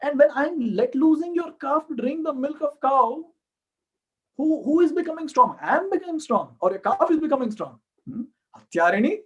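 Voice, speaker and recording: A man with an Indian accent voicing a mischievous, proud little boy who scolds indignantly in a raised, high-pitched voice. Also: animated, a little fast, fairly bright tone, breathy edge, exaggerated voice. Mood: scolding.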